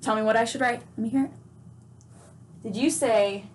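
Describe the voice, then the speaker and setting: Teaching kids music, a woman with a higher voice speaks at a moderate pace, patiently encouraging them with questions. She sings note names and chants examples, and a little hiss or hum can be heard.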